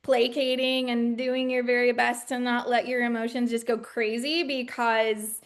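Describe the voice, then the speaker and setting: A woman producer answering student questions in a panel Q&A, animated and joking, acting out quotes in mock voices. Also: fairly high pitch, moderate pace. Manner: candid and joking. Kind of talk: panel Q&A advice.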